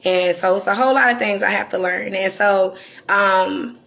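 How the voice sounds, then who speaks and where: A woman from North Carolina with a Southern accent and a raspy, croaky voice, talking candidly and deliberately to viewers on a live stream. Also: mid-range voice, steady tone, a bit bright. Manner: reflective and candid, slowed deliberate delivery. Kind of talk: casual live-stream talk.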